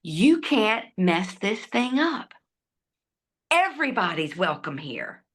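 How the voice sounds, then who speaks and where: Give me a woman putting on a tender, wondering old father near death, spoken high and slow. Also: big pitch swings, breathy edge, heavily acted. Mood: awed. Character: dying elderly father, awestruck and tender.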